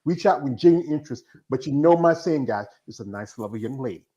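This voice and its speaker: A man's voice: medium pitch, expressive, fast talker, warm tone. A man hosting a livestream interview over a video call, talking folksy and addressing the audience as "folks". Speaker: host.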